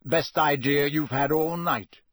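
Mad-Eye Moody, a man doing a gruff old wizard. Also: a little high, a little slow, a bit bright, dry recording. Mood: gruff, blunt. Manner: gruff, muttering and blunt. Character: gruff, grizzled old male wizard, suspicious and blunt. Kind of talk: audiobook character voice.

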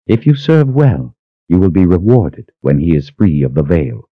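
Guy doing a cold cruel sorceress lady, icy and mocking, low dry voice. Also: sing-song, normal speed, dry recording, narrow, tinny audio. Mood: cold menace. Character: cold cruel woman sorceress, calm menace.

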